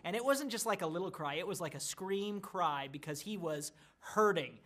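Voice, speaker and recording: A man in his thirties, a pastor, addressing church small groups on video and telling family stories in an animated way. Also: sits high, moderate pace. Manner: warm storytelling, animated about his family.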